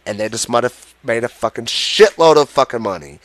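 A man's voice: mid-range voice, lively intonation, fairly quick, no echo. A man in a heated, profane, sarcastic political rant to the camera.

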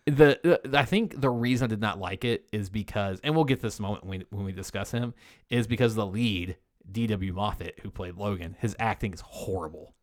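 A man with a fairly low voice co-hosts a horror podcast in a relaxed, chatty way. He swears freely and works through the credits. The sound is dry and close to the mic. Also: a little fast, dry recording. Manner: laid-back, swears, reads out credits. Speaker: podcast co-host. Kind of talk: casual podcast chat.

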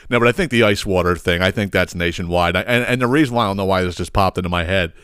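A man's voice: low voice, a bit bright, smooth, dry recording, studio quality. Profane ranting Philly man. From Philadelphia area. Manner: profane, exasperated ranting with chuckles. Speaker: podcast host. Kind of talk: comedic solo rant.

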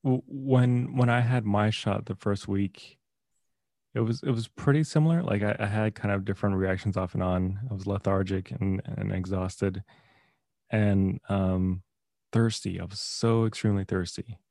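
Casting: man, lowish voice, dry close mic, playful teasing podcast banter. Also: steady tone, normal speed, creaky, darkish tone, no room sound. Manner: teasing, playful, with stammered restarts. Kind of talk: casual chat.

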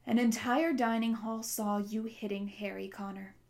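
A woman's voice: on the high side, fairly even intonation, normal speed, gravelly, a little mellow. A woman reading the part of a firm female teacher who speaks with matter-of-fact scorn.

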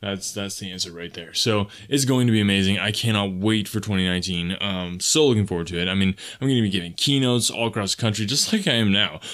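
A man's voice: lowish voice, fast talker, few pauses, fairly bright tone. A young man hosting a comedy podcast, talking in a boastful, self-important way, with a rambling parody self-help monologue. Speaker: podcast host.

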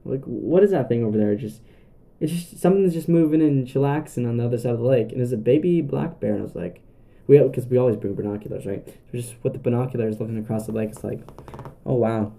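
Young male podcast host with a very dark, mellow voice. Casual, rambling storyteller. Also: medium pitch, fast talker, vocal fry. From Canada. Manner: rambling, many filler "like"s and restarts.

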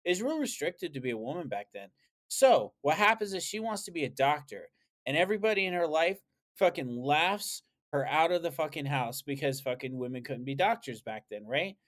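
A man's voice: on the high side, moderate pace. A man co-hosting a podcast in casual chat, telling rambling stories with lots of swearing and fillers. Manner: animated, profane, rambling storyteller. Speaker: podcast co-host.

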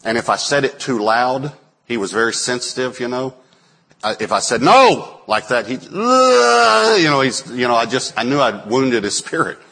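A man in his forties, a pastor preaching a sermon, telling stories and acting out quotes with sudden loud bursts. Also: medium pitch, fairly even intonation, moderate pace. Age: 40s.

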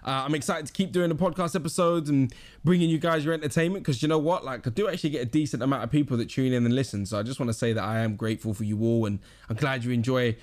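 A man's voice: medium pitch, fast, a little mellow. A young man with a southern English accent hosting his own podcast in a rambling, casual chat full of slang and restarts. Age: young adult. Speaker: podcast host.

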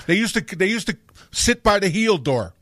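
A man co-hosting a casual interview, excited and stumbling over repeated words. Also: high-pitched, moderate pace, no echo. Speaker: podcast co-host.

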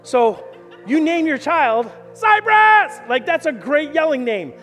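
A middle-aged man preaching to his church, telling stories with animation and acting out the quotes. His voice sits high for a man. The sound is a reverberant hall with music playing softly underneath. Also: slow. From Canada. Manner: animated storytelling, acts out quotes. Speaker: pastor. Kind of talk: sermon. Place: church service.

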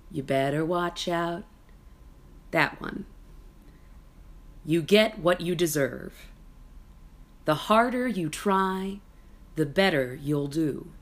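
A woman hosting a podcast, reading aloud from a self-help book in a gentle, soft-spoken way and adding casual side comments. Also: fairly low pitch. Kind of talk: reading aloud with personal asides.

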